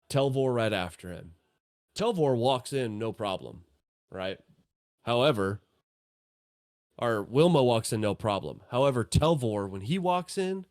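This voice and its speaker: A man's voice: medium pitch, darkish tone, dry recording, studio quality. A man narrating a tabletop game as game master in a laid-back, rambling, cussing way.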